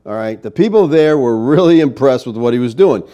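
Mellow-voiced man preaching a sermon. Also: mid-range voice, expressive, brisk, highs cut off. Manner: teaching verse by verse, checking in with listeners. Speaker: pastor.

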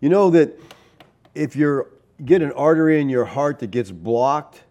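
A man preaching a sermon in an animated way, with rhetorical asides to the congregation. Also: fairly high pitch, measured pace, muffled recording. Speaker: pastor.

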